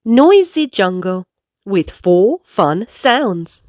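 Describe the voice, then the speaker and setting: A woman reading picture books aloud to children in an animated, sing-song way. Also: a little high, takes it slowly, dry recording, clean studio sound. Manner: animated, sing-song, playful sound effects. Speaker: storyteller. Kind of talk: picture-book read-aloud for kids.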